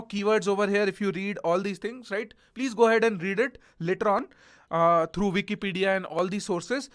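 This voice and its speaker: High-voiced young man teaching coding. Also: fairly bright tone. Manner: repetitive, reassuring, checks in often with "okay?". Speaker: programming instructor. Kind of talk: video coding lesson.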